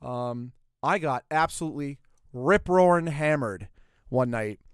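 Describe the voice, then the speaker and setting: A man's voice: mid-range voice, measured pace, clean tone, no echo, clean studio sound. A man hosting a podcast, telling rambling stories in casual chat and acting out the quotes. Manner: rambling, animated storyteller who acts out quotes. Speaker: podcast host.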